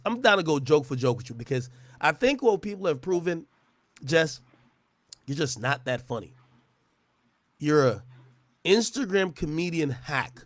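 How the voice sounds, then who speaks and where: A slightly high, somewhat bright voice with no room sound carries an internet personality's profane roast rant. He mocks his target, stammering and restarting words often.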